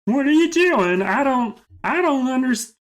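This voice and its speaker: A man putting on a shrill, eager young sidekick. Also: a little slow. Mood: whiny. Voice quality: high, excitable put-on voice. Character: Alex, eager young male assistant on a boat.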